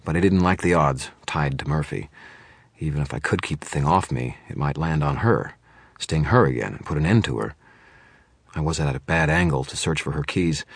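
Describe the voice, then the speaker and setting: A man's voice: rumbling low, breathy edge, no echo. A man narrating a first-person thriller audiobook in a tense, urgent manner.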